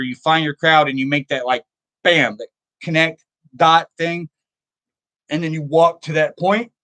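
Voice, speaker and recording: A middle-aged man hosts a casual horror show, wandering through a personal story and viewer comments at an easy, chatty pace. He laughs at his own tales. His voice sits a little high for a man. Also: a bit bright. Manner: rambling, self-amused, laughs often at own stories.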